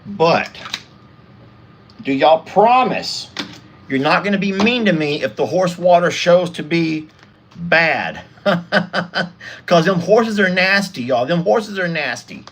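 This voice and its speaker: A man's voice: on the high side, very animated, a little slow, fairly bright tone, slight background noise. A man with a Southern US accent, chatting folksily to viewers in a casual outdoor ranch vlog. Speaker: ranch vlogger. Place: outdoors on a farm pasture.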